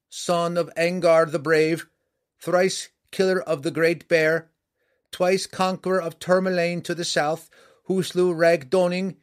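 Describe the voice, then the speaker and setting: A man voicing a proud young male herald who proclaims his king's titles in a loud, slow, formal voice. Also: a little high, pitched above the performer's own voice, close to an everyday voice. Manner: proclaiming loudly, slow and ringing.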